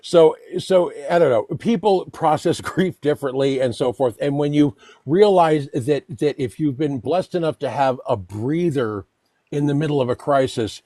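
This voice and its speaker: A man's voice: on the high side, moderate pace, mellow, no echo, studio quality. A man who is a guest on a livestream, telling stories in a rambling way, laughing through them and often restarting. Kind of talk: casual storytelling.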